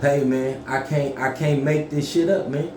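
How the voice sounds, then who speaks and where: A man telling a story casually to camera, profane and animated, yelling when he acts things out. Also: fairly high pitch, moderate pace, echoey room, background noise.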